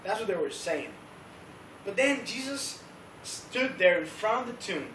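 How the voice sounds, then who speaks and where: A man with a fairly high voice tells a story to a church youth group in a loose, lively way and slips into excited voices for the crowd. He sounds far from the mic in an echoey room, with a faint hiss behind him. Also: measured pace. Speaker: youth leader. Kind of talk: casual youth-group teaching. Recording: roomy, distant recording with faint background noise.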